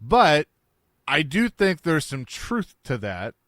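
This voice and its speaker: A man hosting sports talk radio, reading listener texts and giving brisk opinions. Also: a little high, big pitch swings, a bit bright, dry recording, studio quality.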